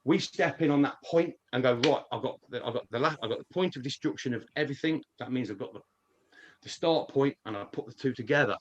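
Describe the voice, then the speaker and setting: A man's voice: medium pitch, fast, muffled recording. A man, rambling through a casual story with frequent swearing and restarts, speaking as a guest on a live online stream.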